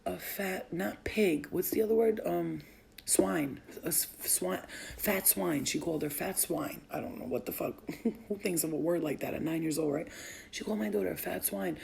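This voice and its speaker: A woman's voice: on the low side, normal speed, gravelly, darkish tone, slight background noise. A woman vlogger and mother telling a story in a casual, profane way, laughing often. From Albanian family.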